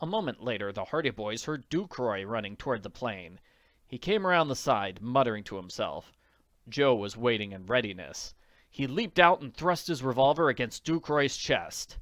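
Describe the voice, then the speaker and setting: A man reading an audiobook in an expressive narrating voice. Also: mid-range voice, moderate pace, dry recording, studio quality. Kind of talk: scripted narration.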